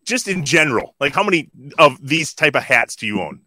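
A man hosting a casual show, upbeat and quick to laugh. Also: a little high, sing-song, pushed and bright. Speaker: host.

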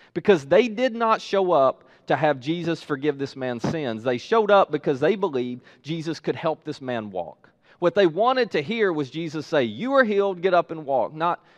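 Animated man preaching a sermon. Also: medium pitch. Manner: animated storytelling preacher, acting out voices. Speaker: pastor.

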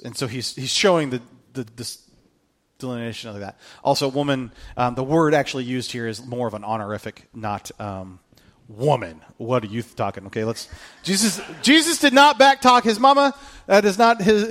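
A man preaching a sermon, telling the story in an animated way, with jokey asides and acted-out quotes. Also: sits high, moderate pace. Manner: acts out the quoted lines. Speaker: pastor.

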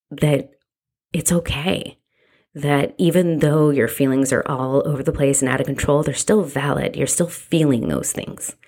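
A woman, a mother, telling her own story in a candid, reflective way, halting and restarting as she goes. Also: sits low, a little mellow. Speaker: mother sharing a personal story. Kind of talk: candid personal testimony.

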